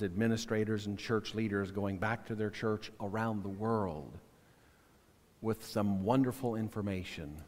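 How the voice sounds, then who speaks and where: A man preaching a sermon as pastor, earnest and halting, often repeating and restarting words. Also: lowish voice, long reverb tail.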